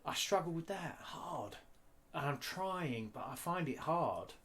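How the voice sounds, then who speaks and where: A man talking candidly in an interview, blunt and animated, swearing freely. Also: fairly high pitch, unhurried. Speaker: guest artist.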